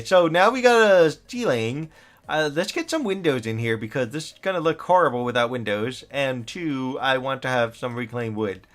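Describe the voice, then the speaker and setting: A man's voice: on the high side, a bit bright, clear, resonant tone. A middle-aged man from the United States, chatting casually and rambling on a live gaming stream, laughing often and talking to the characters in his game. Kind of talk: casual live-stream chat while playing.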